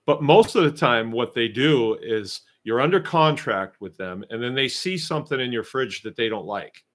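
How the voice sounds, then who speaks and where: Middle-aged male homestead host, mid-pitched voice, animated and sarcastic livestream chatter. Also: moderate pace, hardly any pauses. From Shrewsbury, Massachusetts. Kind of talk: casual livestream chat reading viewer comments.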